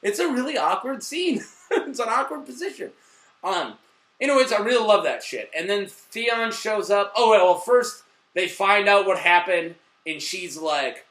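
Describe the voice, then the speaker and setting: Excitable high-voiced man ranting in a roomy space. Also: a little slow. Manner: excitable, profane, rambling with fillers and mock voices. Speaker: host, TV episode reviewer. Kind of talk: casual video review chat.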